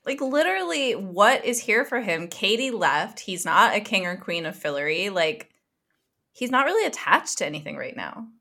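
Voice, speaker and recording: A woman's voice: medium pitch, very animated, moderate pace, vocal fry, sharp tone. A woman co-hosting a podcast, making dry, skeptical comments during a casual TV recap. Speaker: podcast co-host.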